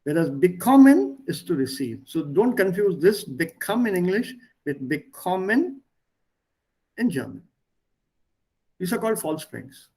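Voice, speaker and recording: A man teaching a language lesson online, explaining word pairs patiently with pauses. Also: high voice, big pitch swings, darkish tone, husky, low-quality recording.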